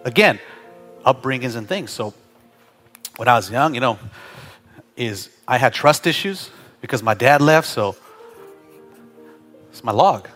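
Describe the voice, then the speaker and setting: A male pastor preaching a sermon, talking conversationally with humorous asides to the congregation and building to shouted prayers. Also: mid-range voice, lively intonation, a little slow, long pauses, faint music behind.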